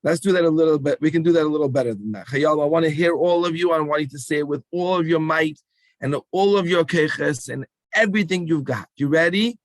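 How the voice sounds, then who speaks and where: A man's voice: fairly high pitch, fast talker, no room sound. A man giving an emphatic call-and-response talk to children at a rally. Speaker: speaker addressing children.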